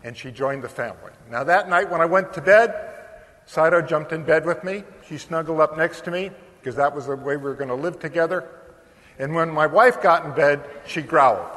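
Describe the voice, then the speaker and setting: An older man giving a keynote speech at a conference, telling a story in a lively way and often pausing on fillers. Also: a little high. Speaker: keynote speaker. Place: large conference hall. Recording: long hall reverb.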